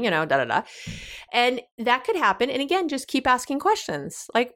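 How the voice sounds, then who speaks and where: A woman's voice: high voice, huge pitch swings, fairly quick, fairly bright tone. A woman therapist hosting an advice show, talking through example conversations with frequent restarts and acted-out questions. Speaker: therapist host. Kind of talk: advice podcast talk.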